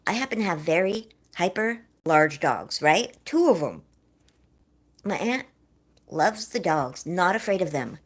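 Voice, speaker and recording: A woman's voice: lowish voice, big pitch swings, measured pace. An American woman from California hosting a casual live-stream chat from home, talking straight to her viewers in a chatty, effusive way. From California, USA. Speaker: livestream host.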